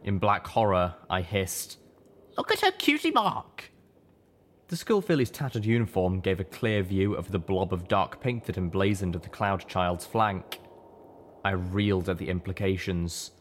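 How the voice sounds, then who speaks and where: A man narrating an audiobook in a measured, steady reading voice. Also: low-pitched. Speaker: audiobook reader.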